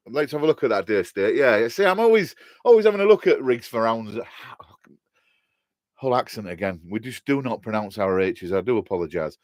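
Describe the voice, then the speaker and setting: A man's voice: mid-range voice, expressive, normal speed, dry recording, clean studio sound. A middle-aged man with a Hull, East Yorkshire accent, chatting casually on a live stream, answering viewer comments in a jokey, rambling way and laughing often.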